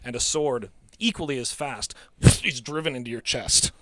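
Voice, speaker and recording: A man's voice: mid-range voice, moderate pace, sharp tone. A man narrating a tabletop game as game master, vividly describing the action with spoken sound effects.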